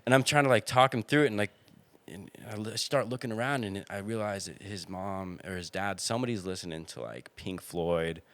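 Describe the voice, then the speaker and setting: A man's voice: lowish voice, brisk, a bit bright, no echo. A young man on a podcast telling a story in casual chat, rambling with restarts and acting out what people said. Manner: rambling, restarts, acts out quotes.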